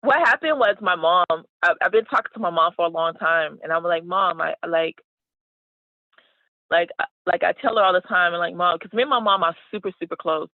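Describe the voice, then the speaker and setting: A woman guest telling an emotional personal story in an animated way, full of fillers and acted-out quotes, over a video call. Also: lowish voice, a little fast, dry recording. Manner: animated, acts out quoted voices, many fillers. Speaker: interview guest. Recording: tinny phone-like line, dry.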